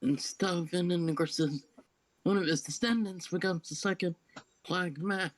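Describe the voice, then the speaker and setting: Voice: medium pitch, normal speed. A co-host in a casual gaming chat, easygoing and agreeable, adding bits of trivia. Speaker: podcast co-host.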